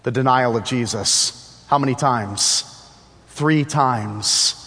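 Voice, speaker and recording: A man's voice: medium pitch, slow pace, pushed and bright, long reverb tail. A man preaching a sermon with emphatic repetition and rhetorical questions.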